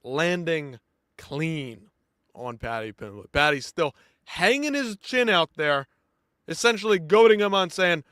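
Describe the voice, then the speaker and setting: A man hosting a live post-fight show in casual commentary, animated and chatty, swinging between loud outbursts and quiet asides as he talks to viewers. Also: fairly high pitch, unhurried, smooth, dry recording, studio quality.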